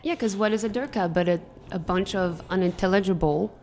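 A woman's voice: mid-range voice, fairly quick, darkish tone, a little hiss or hum. A woman co-hosting a casual podcast chat, wry and emphatic.

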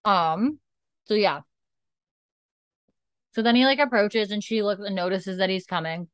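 A woman's voice: mid-range voice, a little slow, a bit bright, smooth, no echo. A woman hosting a podcast, recapping a TV episode in rambling casual chat full of fillers, eating dinner as she talks. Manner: rambling, filler-heavy storytelling. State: eating dinner while talking. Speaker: podcast host.

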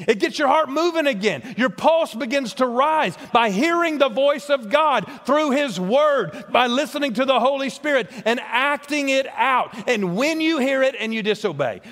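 High-voiced preaching man in a hall. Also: fairly bright tone. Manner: earnest preaching with frequent word repeats and restarts. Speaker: pastor. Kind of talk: sermon. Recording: long reverb of a large hall.

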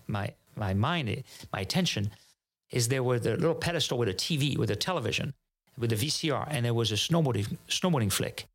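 A man from France with a French accent, a native French speaker, telling a story as a podcast guest in a lively way that acts out both sides of each conversation and often restarts his sentences. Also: mid-range voice. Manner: animated, acts out dialogue, frequent restarts. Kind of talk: casual storytelling.

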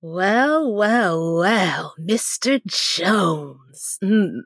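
A woman's voice: on the high side, sing-song, slow, no echo, studio quality. A woman playing a wealthy, flirty socialite who teases her friends, in an improvised tabletop role-play. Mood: teasing. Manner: flirty and teasing. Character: rich teasing socialite woman.

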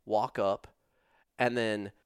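A man telling a long story in casual conversation, animated and profane, with lots of "like". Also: lowish voice, slow, smooth, no room sound, studio quality. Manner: profane, animated, uses "like" a lot. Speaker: storyteller guest.

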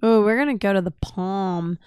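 Smooth-voiced woman co-host. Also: medium pitch, normal speed, a little mellow, no room sound, studio quality. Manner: brief replies, laughs easily. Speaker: podcast co-host. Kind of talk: casual podcast chat.

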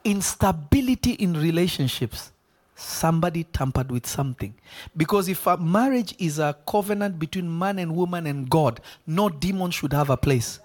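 Male preacher, live sermon, animated, quick to laugh, call-and-response, voice slightly high.

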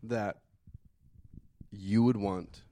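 A woman's voice: a bass voice, fairly even intonation, drawn-out words, warm tone. A woman hosting a podcast, chatting casually in a playful, joking way. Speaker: podcast host.

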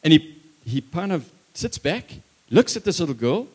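A man preaching a sermon and telling a story, impassioned, swinging between loud emphasis and hushed lines, with chatty asides to the congregation. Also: on the high side, very animated, moderate pace, husky.

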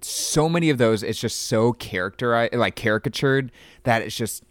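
A man's voice: mid-range voice, moderate pace, no echo, clean studio sound. A man co-hosting a casual movie podcast, chatty and full of "like" fillers. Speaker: podcast co-host.

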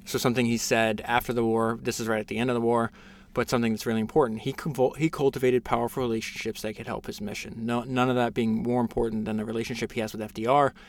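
A man's voice: medium pitch, flat delivery, fast talker. A man hosting a casual podcast, summarizing a biography with enthusiasm, reading passages aloud with frequent fillers and restarts. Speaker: podcast host.

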